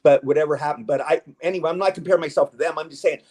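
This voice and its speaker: A man's voice: on the high side, racing, a little mellow. A man chatting as a guest in a casual interview, rambling and eager, with stammered restarts. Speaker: guest actor.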